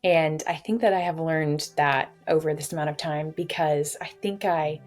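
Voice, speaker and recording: A woman's voice: sits low, moderate pace, faint music behind. A young woman telling her own story in an interview, open and reflective, with light laughs and playful quoted voices. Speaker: patient sharing her story. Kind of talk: candid interview.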